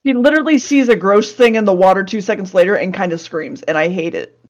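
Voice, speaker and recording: Woman podcast co-host, sarcastic recap, mid-pitched, swears and laughs freely. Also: fast talker, dull audio. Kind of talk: casual recap chat.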